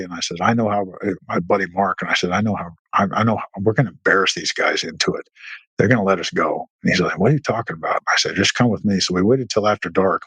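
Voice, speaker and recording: A husky voice with a fairly bright tone belongs to a middle-aged veteran recounting war stories as a guest in a casual interview. He wanders through anecdotes with frequent restarts and fillers, pitching up to voice quoted dialogue. The dry recording is low quality.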